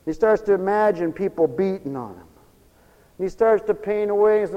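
A male preacher giving a fervent, repetitive sermon that swings between loud emphatic lines and low murmurs, recorded for radio in a church. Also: normal speed, muffled recording. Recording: long reverberant hall, radio broadcast tape.

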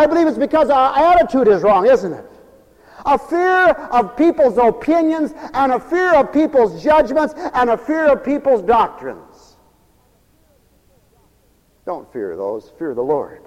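A man preaching a fiery, folksy sermon, swinging from hushed asides to shouts. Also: very high-pitched, sing-song, a little slow, pauses often, big-room sound, low-quality recording.

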